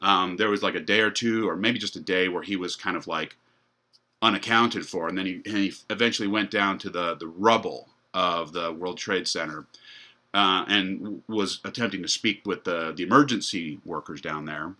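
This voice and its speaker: A man's voice: sits low, moderate pace, bright, forceful tone. A middle-aged man giving a university lecture in a loose, conversational way, full of fillers and restarts. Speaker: professor.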